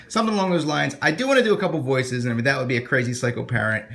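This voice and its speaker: A man's voice: mid-range voice, rapid-fire, gravelly, a bit bright, a little hiss or hum. Male comic vlogger, loose and rambling, pokes fun at himself, phone-recorded. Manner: rambling, self-deprecating, many restarts. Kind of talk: casual vlog talk.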